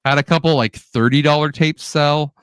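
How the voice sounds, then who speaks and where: A man with a voice on the high side tells a story on his podcast at a normal speed, bringing the people in it to life by acting out their lines. The sound is clean with no room tone, and the chat feels casual.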